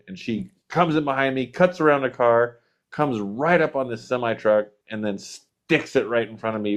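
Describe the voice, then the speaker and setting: A man hosting a podcast, casually rambling through anecdotes with a chuckle here and there. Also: medium pitch. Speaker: podcast host. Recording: dull lo-fi podcast audio.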